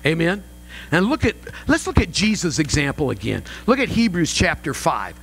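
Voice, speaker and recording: A man's voice: on the high side, wildly swooping pitch, normal speed, gravelly, fairly bright tone, slightly rough, soft background music, rough recording. An older male pastor preaching a sermon, telling family stories with humor and rising emphasis. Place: church sanctuary.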